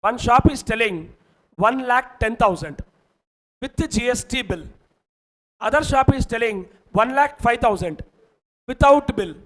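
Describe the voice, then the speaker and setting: A man's voice: very high-pitched, lively intonation, a little slow, long pauses, rough recording. A man with an Indian English accent teaching an online exam-prep lecture, emphatic and often checking that students follow.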